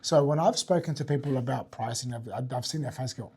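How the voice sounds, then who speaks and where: A fitness business owner teaching a group about sales. He talks blunt and energetic, swears casually and keeps checking in with "right?". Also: medium pitch, fairly quick, breathy edge. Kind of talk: teaching talk to an audience.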